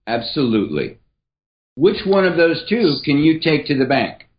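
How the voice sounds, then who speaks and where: A man speaking as a podcast guest and writer, explaining ideas in a measured, teacherly way. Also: on the high side, muffled recording. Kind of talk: explanatory interview talk.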